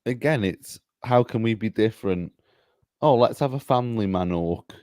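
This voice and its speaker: Low, mellow-voiced man chatting. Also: animated, moderate pace, no room sound. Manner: laughs easily, agreeable. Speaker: co-host guest. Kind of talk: casual review chat.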